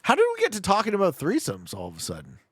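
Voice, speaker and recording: Loud joking streamer in his forties; high, swooping, gravelly voice, dry close mic. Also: very fast, no room sound. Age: 40s. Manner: loud, joking, laughing often, animated. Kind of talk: casual live-stream chat.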